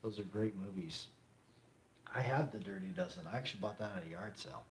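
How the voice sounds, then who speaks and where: A man's voice: lowish voice, fairly quick. Chuckling man hosting a casual live stream. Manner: chuckling often, rambling with many fillers. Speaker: live-stream host of a gun channel. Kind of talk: casual live-stream chat reading viewer comments.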